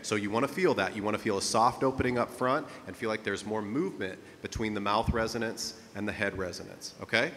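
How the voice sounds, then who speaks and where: A man's voice: lowish voice, a little fast, hardly any pauses, a bit bright. Vocal coach man in a reverberant room. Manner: encouraging, coaching with frequent "okay?" checks. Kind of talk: singing lesson with vocal exercises.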